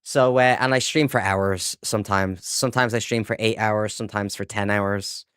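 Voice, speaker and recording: A man's voice: lowish voice, steady tone, moderate pace, fairly bright tone, smooth, dry recording, studio quality. A young adult Irish man chatting casually with viewers while he plays a game on a live stream. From Ireland. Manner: chatty, reads out chat and answers viewers, upbeat.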